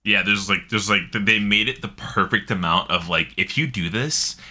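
Excitable man with a very bright voice. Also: fairly low pitch, normal speed. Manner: excitable, profane, jokey. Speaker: podcast co-host. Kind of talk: casual gaming chat.

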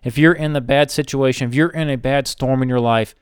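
Man, preacher, sermon, smooth resonant voice, dry close sound, slow repeated phrases. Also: medium pitch, steady tone, no echo. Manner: slow, emphatic repetition of short phrases.

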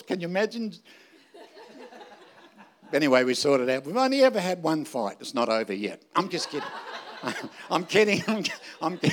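Older aussie preacher, kinda high voice, cracks jokes and keeps asking the crowd if he's lying. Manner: jokey and emphatic, with rhetorical questions to the audience. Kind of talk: sermon with humorous stories.

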